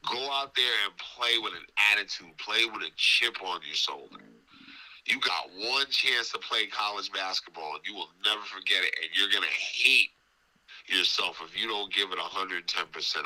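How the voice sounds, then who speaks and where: Male ex-player guest, very deep and sharp-edged, lively pitch, emphatic motivational talk. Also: moderate pace, low-quality recording. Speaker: former basketball player, guest. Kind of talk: casual interview chat.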